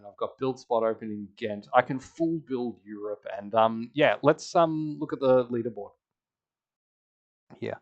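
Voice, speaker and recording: Over a muffled recording, a podcast host with a mid-range voice casually recounts an online strategy game. He laughs frequently, stays chatty, and mimics what other players said.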